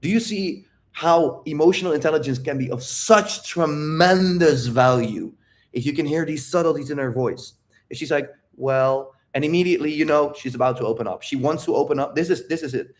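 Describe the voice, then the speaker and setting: A man's voice: on the high side, a little fast. A man coaching on relationships, emphatic and blunt, cursing freely and checking in with his listeners as he acts out scenes. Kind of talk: coaching monologue with role-play.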